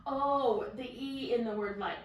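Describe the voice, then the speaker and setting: A woman teaching kindergarten children, speaking in a drawn-out, sing-song way and giving bright praise. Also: fairly high pitch. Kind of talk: classroom teaching to young children. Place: classroom with children. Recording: very echoey classroom, mic far off, faint hiss.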